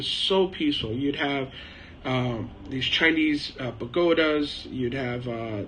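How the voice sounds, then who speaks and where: A man's voice: a little high, a bit bright, a little hiss or hum, poor audio. Rambling middle-aged man telling a story. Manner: rambling, anecdotal, frequent uh and um fillers. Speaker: host of a live chat stream. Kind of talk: casual storytelling monologue. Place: home shed, living in China.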